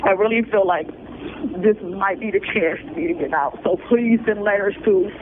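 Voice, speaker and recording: This phone call carries a man's emotional, exhausted plea for public support, with nervous laughs breaking up his words. His voice sits high, he talks at normal speed, and the line is tinny with faint background noise.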